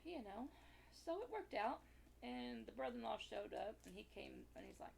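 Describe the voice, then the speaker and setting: A woman's voice: mid-range voice, huge pitch swings, normal speed, creaky, darkish tone, a little hiss or hum. A woman vlogger telling a casual, rambling story, full of fillers and amused asides. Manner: chatty and amused. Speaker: crafting vlogger.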